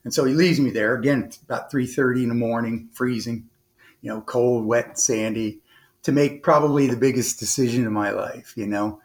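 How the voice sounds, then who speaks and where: A man's voice: mid-range voice, moderate pace. A man who is a former naval officer and podcast guest, telling a long story in an earnest, conversational way, full of restarts and fillers. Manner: rambling, frequent restarts and fillers; earnest, animated retelling with quoted dialogue.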